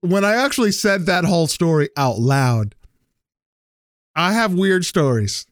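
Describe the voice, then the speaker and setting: A young man hosting a podcast rambles through a funny story in casual conversation, restarting often and laughing along the way. His high voice is animated yet measured in pace. The sound is studio quality with no echo.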